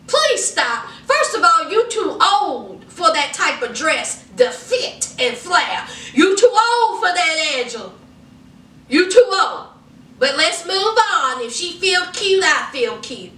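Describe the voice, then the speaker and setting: A woman recapping a reality show in sassy, animated casual commentary, acting out what the cast said. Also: very high voice. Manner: sassy, animated, acts out quotes. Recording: echoey room, from far off.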